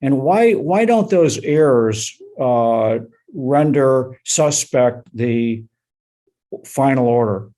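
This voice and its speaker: A man serving as an appellate judge, questioning lawyers in oral argument with halting, probing questions and many fillers. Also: mid-range voice, animated, dark tone.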